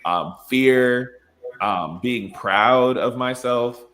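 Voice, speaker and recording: A man's voice: mid-range voice, drawn-out words, fairly bright tone. A man in his twenties, an educator and podcast guest, talking in an earnest, reflective way and laughing easily. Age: 20s. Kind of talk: casual conversation.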